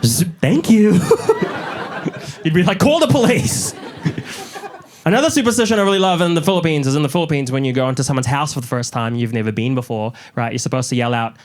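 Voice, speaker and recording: A young man from New Zealand doing a stand-up comedy set in front of a live audience, telling stories with lively delivery and little put-on voices. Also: mid-range voice, brisk, long pauses, noisy background. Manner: animated storytelling, mocks up little voices.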